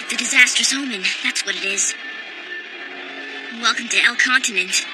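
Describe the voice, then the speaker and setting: A proud young boy genius with a very high voice that leaps around in pitch. He talks down to people and is quick to despair. Anime English dub, with music playing underneath. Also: expressive, low-quality recording. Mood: grim. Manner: haughty, dismissive, quick to despair. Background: background score.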